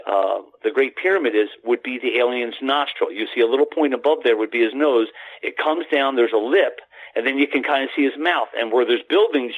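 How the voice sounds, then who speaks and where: Calling a radio show from the United States, a man shares a long story about his own life in a casual, sincere, meandering way, often restarting and speaking to the host by name. His voice is medium in pitch with a breathy quality, heard through a tinny phone line.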